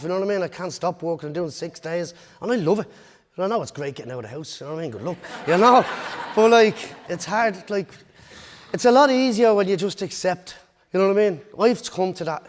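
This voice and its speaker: A man with a notably high voice gives a loose, rambling church testimony. He keeps checking in with the listeners as he goes. His voice rings out in a long church reverb, with a faint murmur of people behind it. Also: a little hiss or hum. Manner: rambling, keeps saying "you know what I mean". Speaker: church member giving testimony. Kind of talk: personal testimony.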